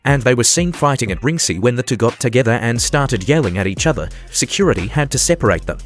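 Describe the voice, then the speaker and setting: A man reading scripted sports news narration in an even, matter-of-fact way. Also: medium pitch, fast talker. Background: faint background music.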